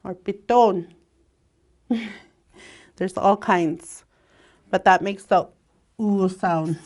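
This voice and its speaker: Slow, easygoing woman teaching a language. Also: mid-range voice, darkish tone. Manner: unhurried, laughs often, drawn-out example words. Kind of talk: relaxed language lesson.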